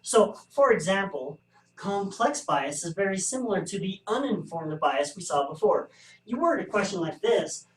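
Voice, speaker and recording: A man's voice: sits high, big pitch swings, moderate pace. Wry male statistics lecturer, echoey room. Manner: wry, joking asides. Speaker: statistics instructor. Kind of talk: recorded classroom lecture. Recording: echoey room, distant mic.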